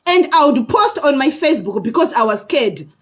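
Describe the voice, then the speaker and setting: A woman vlogger telling her personal story to camera in an earnest way, often pausing to ask "okay?" of her viewers. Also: sits high, big pitch swings. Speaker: vlogger sharing personal experience.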